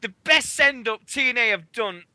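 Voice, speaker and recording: A high, piercingly bright British man rants excitedly about wrestling on a radio show. His talk is casual and full of swearing, recorded close and dry with no room sound. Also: dry recording. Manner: swearing, excitable, fast ranting.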